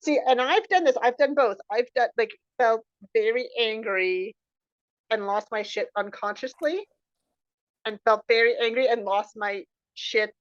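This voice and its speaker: A woman's voice: a little high, unhurried, dry recording, muffled recording. A woman co-hosting a podcast, responding in an affirming, reflective way. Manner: affirming, reflective, animated when quoting. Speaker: podcast co-host. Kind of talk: casual chat.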